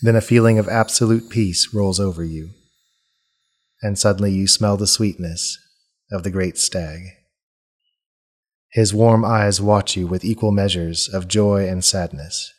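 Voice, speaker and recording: Breathy low-voiced game master. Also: male voice, fairly even intonation. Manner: slow, immersive storytelling. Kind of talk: narrating a tabletop game in second person. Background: faint music.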